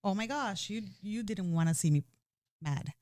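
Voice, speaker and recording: A woman's voice: mid-range voice, lively intonation, normal speed, a little mellow, no echo, clean studio sound. Earnest, emotional woman sharing her story. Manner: emotional, earnest, with frequent restarts and "you know". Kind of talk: candid personal conversation.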